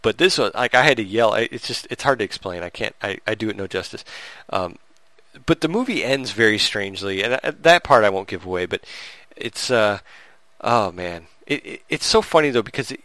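This podcast co-host speaks fairly quickly in a lowish voice, with no room sound on the recording. Reviewing a movie, he rambles through the story in a casual, animated way, full of restarts and laughter.

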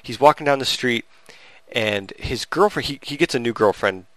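A man's voice: medium pitch, moderate pace, no room sound. A man co-hosting a podcast, retelling a movie in a casual, rambling way with lots of restarts. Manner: rambling, animated storytelling with frequent restarts and laughs. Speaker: podcast co-host reviewing a movie. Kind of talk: casual chat.

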